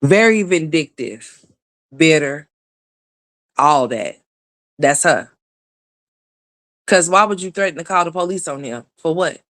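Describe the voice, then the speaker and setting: A woman's voice: low voice, expressive, measured pace, long pauses, a bit bright, dry recording. A woman hosting reaction commentary, blunt and profane, firing off rhetorical questions. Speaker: commentary channel host.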